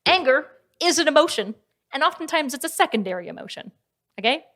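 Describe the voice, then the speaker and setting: A woman streaming, reacting to clips and arguing her case in quick, animated bursts. Her voice rises and falls a lot as she presses a point. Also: high-pitched. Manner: animated, argumentative, talks fast in bursts. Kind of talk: casual livestream commentary.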